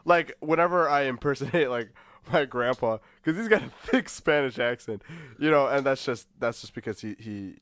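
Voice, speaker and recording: A young man co-hosting a podcast, telling stories in an animated way and laughing often. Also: medium pitch, normal speed, no room sound. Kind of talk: casual chat.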